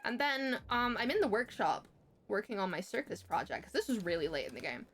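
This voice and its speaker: A young woman streamer telling a story in casual chat, swearing freely and jumping sharply in pitch. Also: big pitch swings, brisk, soft background music.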